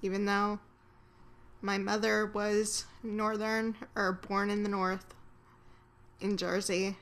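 Slow, deliberate woman from Georgia. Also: mid-range voice, little pitch movement, fairly bright tone. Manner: slow, deliberate word-by-word reading. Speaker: amateur audio creator. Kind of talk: reading a word list for an accent challenge.

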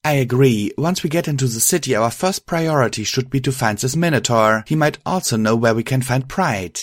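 A man voicing a level-headed female pony who speaks calmly and practically. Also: medium pitch, brisk, no echo, clean studio sound, pitched above the performer's own voice, lightly acted. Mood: earnest.

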